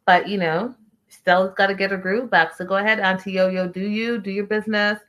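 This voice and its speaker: A woman's voice: mid-range voice, steady tone, a little fast, a bit bright. A woman casually recapping a reality show, chatty and opinionated, reading viewer comments aloud.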